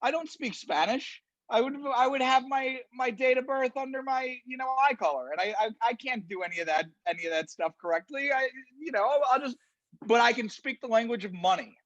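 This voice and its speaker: A man comedian arguing his side in a casual comic debate, halting with many restarts. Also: very high voice, a bit bright, no echo, dull audio.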